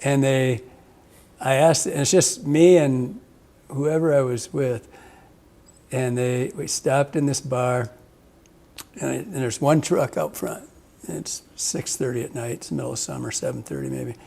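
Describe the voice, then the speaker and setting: A man's voice: medium pitch, lively intonation, unhurried, gravelly, dark tone. A man hosting a fishing podcast, telling rambling stories with frequent laughs and salty language. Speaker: podcast host, fly fishing guide. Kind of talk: casual storytelling chat.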